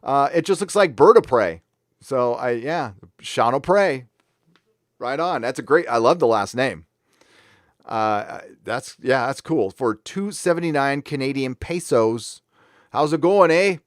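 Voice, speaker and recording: A man's voice: mid-range voice, expressive, measured pace, no room sound, studio quality. Rambling, offhand male live-stream host. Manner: rambling, offhand, laughs easily, frequent fillers and restarts. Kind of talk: casual live stream chat reading viewer comments.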